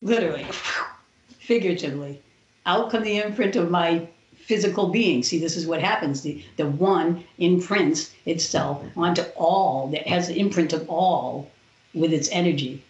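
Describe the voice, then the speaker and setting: A woman, a podcast guest, telling a personal story in an animated way and acting out the other people's lines. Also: fairly low pitch, moderate pace. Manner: animated retelling with quoted voices. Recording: roomy, dull lo-fi sound.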